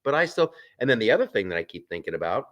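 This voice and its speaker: A man's voice: lowish voice, sing-song, racing, a bit bright. A man hosting a live stream from a film set. He chats casually, reads out viewer comments and rambles with restarts and asides.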